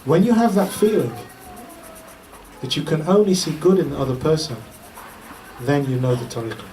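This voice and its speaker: A man's voice: a little high, moderate pace, mellow. A man giving an informal religious teaching talk in a lecture room, chatty and humorous, telling stories and repeating a chant. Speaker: Islamic teacher. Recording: distant mic with faint background noise.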